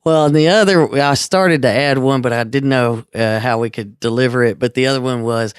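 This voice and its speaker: A man co-hosting a podcast, talking in a relaxed, drawling way with frequent asides. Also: mid-range voice, brisk, hardly any pauses, smooth, dry recording, studio quality. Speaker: podcast co-host. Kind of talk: casual chat.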